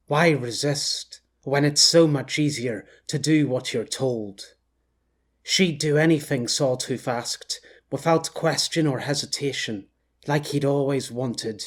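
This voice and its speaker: A man reading an audiobook as narrator in a measured, intense style. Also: medium pitch.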